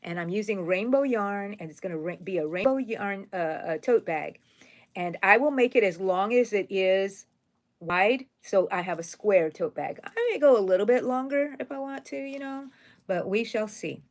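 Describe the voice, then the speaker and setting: A middle-aged woman with a drawl chats through a crochet live stream. Her talk is rambling and homey, and she greets her viewers one by one. Her pitch sits in the middle for a woman, and she turns soft and sentimental easily. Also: expressive, normal speed. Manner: tender and sentimental. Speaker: crochet channel host. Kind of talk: casual live-stream chat while crocheting.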